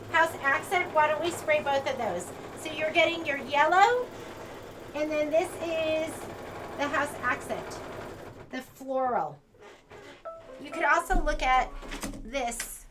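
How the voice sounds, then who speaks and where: High-voiced chatty American woman teaching embroidery. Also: background noise. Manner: chatty, thinks aloud, self-correcting. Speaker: sewing shop instructor. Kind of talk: embroidery demonstration. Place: sewing shop.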